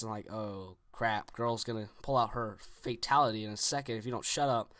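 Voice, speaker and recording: A man's voice: mid-range voice, fairly quick, few pauses, a bit bright, no room sound, studio quality. A young man in his teens casually telling a story, rambling with lots of "like" and restarts.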